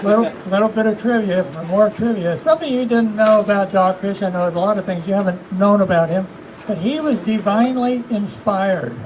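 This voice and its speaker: High pitched guy cracking wry trivia, muffled lo-fi sound. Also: a little fast. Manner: wry, teasing. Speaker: speaker at a memorial. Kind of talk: joking address to a crowd. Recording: dull lo-fi noisy recording.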